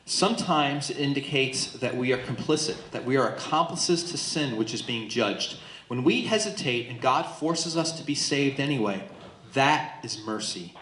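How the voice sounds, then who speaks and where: A man leading a Bible study in a church room speaks at normal speed with a medium-pitched, expressive, fairly bright voice. He teaches emphatically, often checking in with questions to his listeners; the recording carries a roomy echo and a little hiss or hum.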